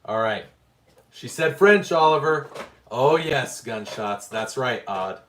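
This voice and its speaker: A middle-aged man chats casually on a livestream from home. He reads out viewer names and answers them one by one. His voice sits at an ordinary middle pitch. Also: animated, takes it slowly, fairly bright tone. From Utah, US. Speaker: livestream host.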